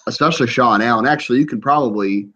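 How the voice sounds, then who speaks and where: A man co-hosting a podcast in casual sports chat, measured and analytical with dry reactions. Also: mid-range voice, a bit bright. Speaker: podcast co-host. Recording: dull lo-fi line.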